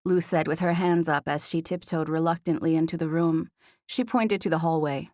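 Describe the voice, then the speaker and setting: Low-voiced woman narrating an audiobook. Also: steady tone, moderate pace, darkish tone, no room sound, clean studio sound. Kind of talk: scripted first-person narration.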